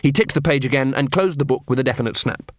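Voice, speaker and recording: A man's voice: medium pitch, quick pace, dry recording. Man narrating an audiobook, dry close sound. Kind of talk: scripted narration.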